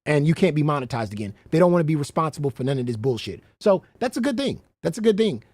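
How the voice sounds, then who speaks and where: A man's voice: on the high side, a little mellow, dry recording. A man hosting a casual livestream, rambling, swearing freely and breaking into laughter often. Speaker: livestream host.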